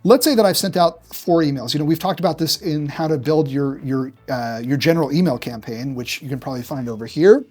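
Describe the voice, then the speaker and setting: Guy teaching sales email tips, direct and punchy, slightly high voice, faint music under. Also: fairly quick, few pauses, a little mellow. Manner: direct, punchy, acts out examples. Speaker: marketing executive presenting a tutorial. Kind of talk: direct-to-camera business tutorial.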